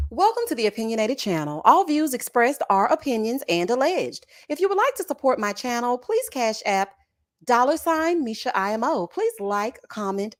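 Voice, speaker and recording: A woman hosts a reality TV reaction show, chatting in a sassy way, laughing loudly, and calling her viewers honey and child. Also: on the high side. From Texas. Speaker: host of a reality TV reaction channel. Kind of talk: casual reaction commentary.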